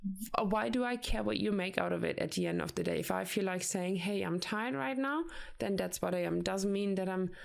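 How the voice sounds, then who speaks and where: A woman's voice: medium pitch, brisk, gravelly. A woman co-hosting a podcast, chatting candidly and acting out the lines she quotes. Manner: candid, animated retelling with acted-out quotes. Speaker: podcast co-host. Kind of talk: casual chat.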